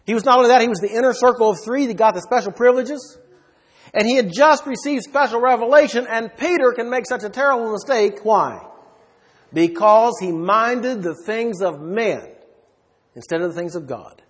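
High-voiced husky male preacher. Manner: emphatic, asks rhetorical questions. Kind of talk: expository sermon. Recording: long hall reverb.

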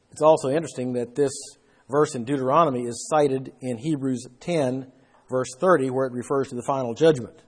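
A man's voice: medium pitch, steady tone, a little fast. A man preaching a Bible sermon, explaining verses with emphatic rises in his voice. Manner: emphatic, rising for stress.

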